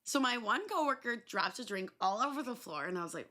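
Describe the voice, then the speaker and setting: Young woman, podcast host, bright forceful voice, swears a lot, rambling casual storytelling. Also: fairly high pitch, fairly quick. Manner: animated, swears freely, lots of fillers.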